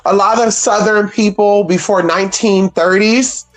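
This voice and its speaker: A spiritual channel host chatting casually with livestream viewers, blunt and salty, jumping between high exclamations and low muttered asides. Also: steady tone, a little slow, soft background music. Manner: salty and blunt, swears freely.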